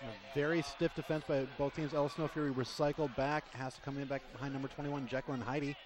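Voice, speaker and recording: A man's voice: medium pitch, quick pace. A man announcing a roller derby bout play by play, running energetically through rosters and action. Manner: energetic, rattles off names and numbers. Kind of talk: live sports commentary. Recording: crowd noise throughout. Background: crowd noise.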